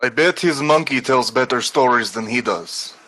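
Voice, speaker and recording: A man's voice: mid-range voice, moderate pace, fairly bright tone, low-quality recording. A man as a player in a tabletop game, bantering in character with a wry, joking manner.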